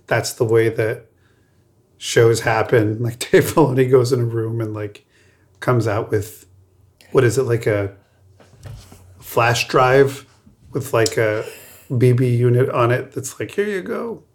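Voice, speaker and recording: Slow-talking male podcast co-host. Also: medium pitch, fairly even intonation, a little mellow. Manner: chatty, laughs often, rambling with fillers. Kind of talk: casual podcast chat.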